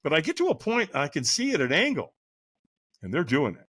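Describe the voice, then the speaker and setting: A man with a bright, forceful voice and a fairly high pitch tells his own story as a podcast guest. His pitch jumps all over as he talks, and he keeps pulling the listener in with a quick "right?". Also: slightly rough. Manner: lively, keeps asking "right?". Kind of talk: animated personal storytelling.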